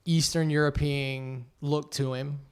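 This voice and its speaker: Smooth-voiced, rambling male co-host. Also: a little high, little pitch movement, unhurried. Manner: rambling, self-correcting, profane. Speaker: podcast co-host. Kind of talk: casual chat.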